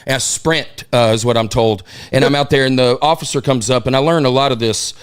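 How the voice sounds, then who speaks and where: A man's voice: medium pitch, fairly even intonation, fairly quick, clear, resonant tone. A man from Alabama, telling a self-deprecating story as a podcast guest, rambling with lots of restarts. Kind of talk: casual storytelling chat.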